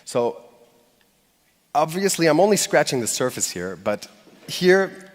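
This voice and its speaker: A man's voice: a little high, big pitch swings, measured pace. Man giving a talk in a reverberant hall. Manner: conversational, hesitant with fillers and restarts; acts out short quoted phrases with light laughs. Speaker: conference speaker. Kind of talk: live public talk. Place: stage in a large hall.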